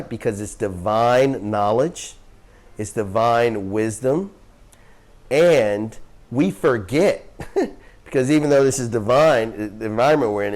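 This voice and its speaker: A man's voice: medium pitch, darkish tone. A man teaching a group about yoga scriptures in an earnest, emphatic way, often asking questions and laughing easily as he tells stories. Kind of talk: spiritual teaching talk to a group.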